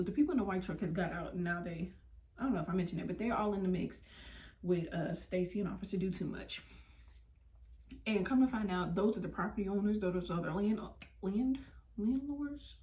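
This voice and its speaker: Animated young woman telling a storytime. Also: mid-range voice, fairly quick. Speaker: vlogger. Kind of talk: storytime vlog. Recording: roomy, mic at a distance.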